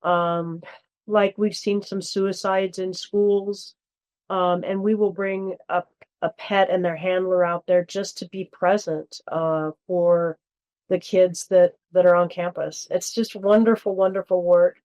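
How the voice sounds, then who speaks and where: A woman guest and charity board member talking in a casual interview, halting with many fillers. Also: lowish voice, fairly even intonation, darkish tone.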